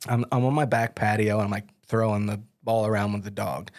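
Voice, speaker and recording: A man's voice: lowish voice, flat delivery, a little fast, darkish tone. A middle-aged man hosting an interview, chatting casually and telling stories with lots of fillers and restarts. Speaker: podcast host.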